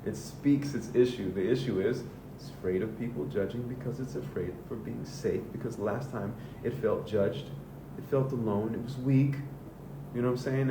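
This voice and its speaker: Male men's coach, casual motivational talk, lowish voice, echoey room, rumbling noise. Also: recorded from a distance. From Southern US. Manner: casual, earnest, swearing freely. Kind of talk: motivational monologue.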